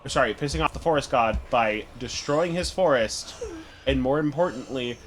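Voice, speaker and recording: A man's voice: mid-range voice, moderate pace, a little hiss or hum. A man hosting a casual gaming stream, rambling through a story with lots of fillers. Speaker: stream host playing the game.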